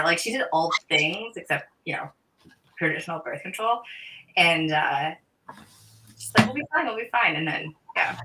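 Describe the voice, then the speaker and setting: A woman's voice: low voice, sharp tone, poor audio. A woman co-hosting a livestream, chatting casually, telling stories and teasing viewers by name. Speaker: livestream co-host. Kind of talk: casual chat.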